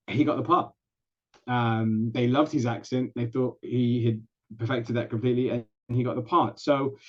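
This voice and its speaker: A man's voice: mid-range voice, a little mellow, lo-fi sound. A man with an English accent, a guest actor and dialect coach chatting at length over a video call. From England. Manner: chatty, explains at length with many restarts. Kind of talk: casual interview chat.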